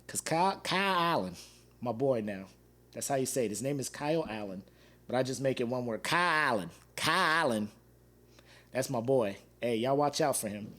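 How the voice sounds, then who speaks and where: A man's voice: medium pitch, brisk. A man in his thirties hosting a casual podcast, telling a story with laughs and acted-out quotes. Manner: animated, laughs often, acts out quoted fans. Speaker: podcast host.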